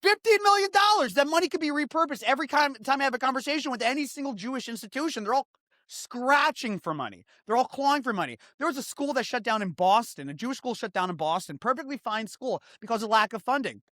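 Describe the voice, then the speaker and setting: A man hosting a comedic news podcast, sarcastic and animated, switching between loud outbursts and quick offhand asides. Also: very high voice, dry recording, studio quality. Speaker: podcast host.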